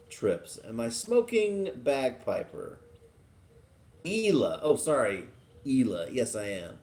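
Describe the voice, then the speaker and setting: A man's voice: fairly low pitch, darkish tone. A man hosting a casual live stream, chatting and laughing as he reads viewer comments aloud. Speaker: livestream host.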